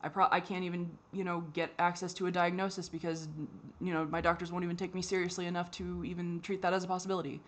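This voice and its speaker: A woman with a somewhat low voice talks straight to camera in a candid vlog monologue. She speaks haltingly and sounds frustrated, restarting her sentences and leaning on fillers. Now and then she swears out of exasperation. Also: level tone. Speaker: vlogger.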